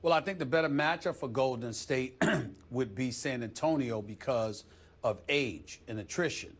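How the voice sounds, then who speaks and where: A man's voice: mid-range voice, normal speed, husky. A man arguing sports on a studio debate show, emphatic and insistent, who keeps cutting in to take the floor. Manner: emphatic, repeats "listen" to grab the floor.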